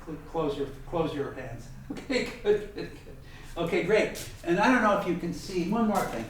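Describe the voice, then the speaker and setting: A man's voice: fairly high pitch, sing-song, normal speed. A man teaching a tai chi class over video, chatty and correcting himself as he demonstrates moves in a training room. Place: training room with heavy bag. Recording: very echoey room, distant mic, faint hiss.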